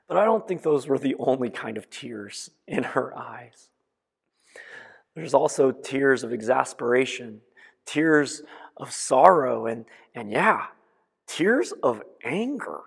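A man preaching a sermon, retelling a story in a reflective way that swings between soft and emphatic. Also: medium pitch, animated, takes it slowly, creaky, breathy edge. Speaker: pastor. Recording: long echoing reverb.

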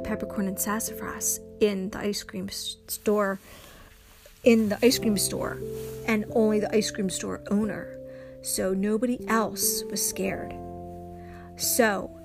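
A woman telling an improvised children's story slowly and expressively, with sound effects and gasps. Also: medium pitch, gravelly. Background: music.

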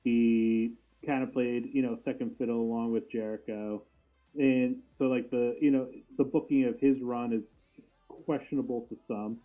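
A man's voice: mid-range voice, steady tone, normal speed, faint music behind. A man co-hosting a podcast, chatting casually about wrestling, thinking aloud with fillers and laughing often. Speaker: podcast co-host. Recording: tinny phone-like sound.

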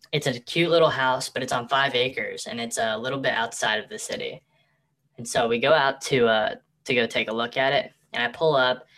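Bright, disguised voice of a man telling a story. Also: medium pitch. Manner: rambling, halting with fillers. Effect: voice distortion for anonymity. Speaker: real estate agent. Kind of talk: casual storytelling.

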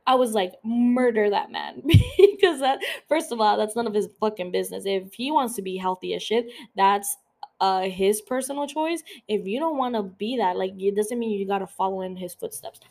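A young woman talks fast and loose on her podcast, dropping swear words and fillers in nearly every sentence. Her voice sits at an ordinary middle pitch. She sounds like she's chatting with a friend. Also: expressive, a little mellow. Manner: fast, profane, lots of "like" fillers. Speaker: podcast host. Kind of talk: casual chat.

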